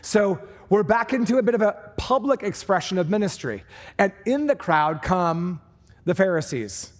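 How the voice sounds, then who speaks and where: Man, high voice, pastor, conversational sermon, animated asides, church. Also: normal speed. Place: church sanctuary.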